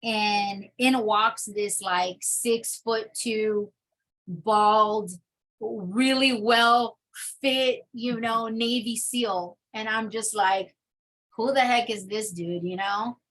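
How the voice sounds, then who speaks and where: A young adult woman telling her personal testimony in an interview, in a casual, animated storytelling manner. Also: on the high side, drawn-out words. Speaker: interview guest.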